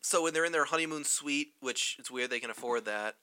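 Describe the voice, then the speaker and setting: A man co-hosting a casual podcast, recapping a film plot in a relaxed, joking way. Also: medium pitch, a little fast, clean tone. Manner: relaxed storyteller, slips into joking voices. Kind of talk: casual chat.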